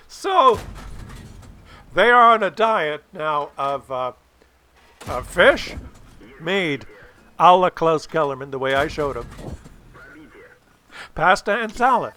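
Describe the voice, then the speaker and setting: A man's voice: on the high side, sing-song, takes it slowly, long pauses, bright, forceful tone, slight background noise. A man hosting a gaming channel, telling a rambling, profane story while he plays. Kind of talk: casual storytelling over gameplay.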